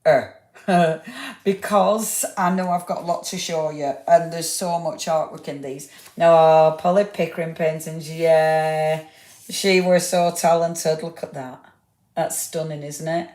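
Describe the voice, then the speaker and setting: A woman's voice: deep voice, darkish tone. A woman hosting a live craft show, chatty and gushing as she shows each item and talks to viewers by name. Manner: talks to viewers by name, asks them questions. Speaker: craft livestream host. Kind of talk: live product demonstration. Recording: echoey room.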